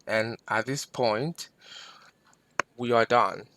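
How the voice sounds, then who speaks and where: A man teaching a screen-recorded software lesson, patient and step by step, repeating himself with fillers. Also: medium pitch, slow, background noise. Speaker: instructor.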